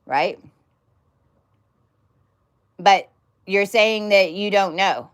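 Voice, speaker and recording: A woman's voice: mid-range voice, very slow, clear, resonant tone. A woman giving a casual teaching talk to her followers, blunt and emphatic, swearing freely and repeating words in bursts. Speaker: spiritual teacher.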